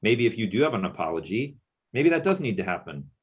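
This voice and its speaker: A man's voice: on the low side, big pitch swings, quick pace, husky, lo-fi sound. A middle-aged man from Texas presenting in a panel discussion over a video call, musing aloud with lots of fillers. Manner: musing, loose with many fillers.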